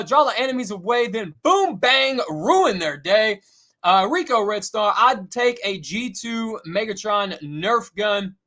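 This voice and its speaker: A man hosting a casual live stream, reading out viewer comments in an excitable way, laughing often and filling pauses with "uh". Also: very high-pitched. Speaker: host reading viewer chat.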